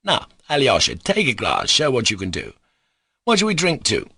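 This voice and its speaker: A man's voice: mid-range voice, huge pitch swings, moderate pace, vocal fry, bright, forceful tone, breathy edge, dry recording, pitched above the performer's own voice, full character voice. A mocking, spiteful young man voiced by a male narrator from a classic novel reading. He sneers and taunts in a slightly raised voice. The recording is close and dry. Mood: taunting.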